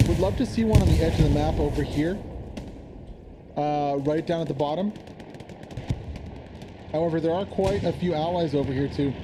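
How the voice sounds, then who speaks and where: A man giving casual live commentary on an online war game match, chatty and quick to laugh. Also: a little high, background noise. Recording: game gunfire and explosions behind.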